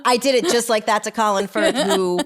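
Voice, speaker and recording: A woman's voice: mid-range voice, fairly quick. Wry, teasing woman co-host. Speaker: podcast co-host. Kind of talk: casual chat.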